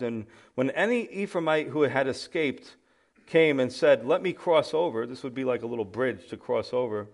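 A male pastor with a New York accent delivers a lively sermon. He reads scripture and then tells it as a story, with jokes and asides to the congregation. His voice sits at an ordinary middle pitch. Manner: animated storyteller, acts out quotes with humorous asides.

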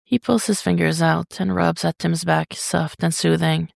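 A woman reading fiction aloud as a podfic, in a steady, unhurried way. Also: fairly low pitch, gravelly, dry recording, clean studio sound. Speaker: podfic reader. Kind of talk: slow fiction narration.

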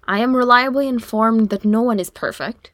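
A woman voicing a proud male dwarf lord who speaks low, weary and measured, for an audiobook reading. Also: a bit bright, dry recording, studio quality, natural voice.

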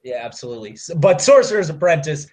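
A young man with a high-pitched voice talks in a casual, profane, animated way. His pitch leaps all over the place as he rants. He is co-hosting a laid-back podcast chat. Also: quick pace. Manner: profane, animated movie ranting. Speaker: podcast co-host.

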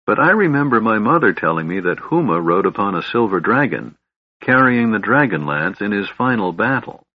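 Calm earnest knight, read by a man: low, husky, measured. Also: no room sound. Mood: thoughtful. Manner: calm, thoughtful. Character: thoughtful, earnest adult human knight man. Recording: dull, dry lo-fi recording.

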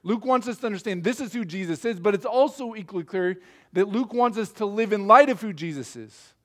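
A male pastor preaching a sermon in an emphatic, measured way, asking rhetorical questions. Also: high-pitched, animated.

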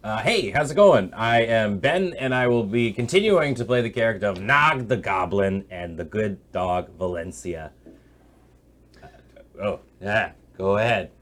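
Easygoing male player, low lively voice. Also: measured pace. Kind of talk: casual tabletop play.

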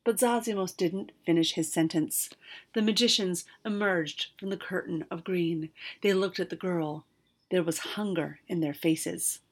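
Woman narrator reading a fantasy storybook, expressive, stumbles now and then. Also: lowish voice, a little slow, husky. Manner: expressive with occasional slips and restarts. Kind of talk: storybook narration read aloud.

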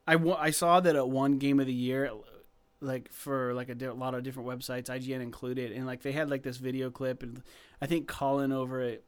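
A man co-hosting a podcast, talking casually and excitedly about games with lots of fillers. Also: medium pitch, a little fast, smooth. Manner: rambling, filler-heavy, excitable. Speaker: podcast co-host. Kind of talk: casual gaming chat.

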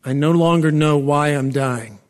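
An actor playing a coarse, plodding guard in a radio play, blunt and slow to follow. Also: male voice, on the high side, natural voice. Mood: gruff. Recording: long hall reverb.

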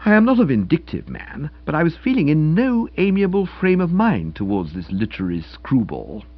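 Husky, wry comic audiobook narrator, male. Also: a little high, normal speed, highs cut off. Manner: wry, mock-dignified, lively storytelling.

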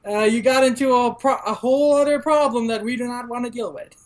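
A woman guest on a podcast recapping a manga chapter in casual chat, using lots of "like" fillers and acting out the characters' lines in quick, raised voices. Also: a little high, darkish tone.

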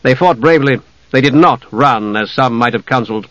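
A man's voice: medium pitch, fairly quick, a bit bright, dry recording, lightly acted. Brief: male reader as a cold, proud enemy knight, clipped and scornful, dull audio.

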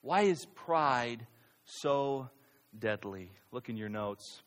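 A man preaching a sermon as a pastor, swinging between loud, high-pitched outbursts and quiet, low delivery. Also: expressive, takes it slowly. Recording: reverberant hall.

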